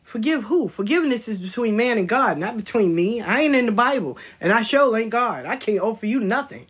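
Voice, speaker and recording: A woman's voice: fairly high pitch, animated, brisk, slightly rough. A woman giving a blunt, profane monologue as a spiritual content creator, telling stories and preaching about honesty. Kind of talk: casual livestream monologue.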